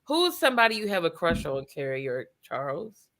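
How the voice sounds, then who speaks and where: This woman co-hosts a relaxed podcast chat and runs the questions with a playful, teasing edge. Her pitch swings widely, and her tone is bright and forward. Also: normal speed. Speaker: podcast co-host.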